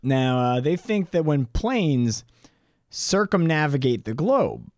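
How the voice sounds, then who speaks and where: Guy cohosting a podcast, jumps up high when he mocks ppl, dry close sound. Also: takes it slowly, no room sound. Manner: animated, mocking quotes in a raised voice. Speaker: podcast co-host. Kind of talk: casual chat.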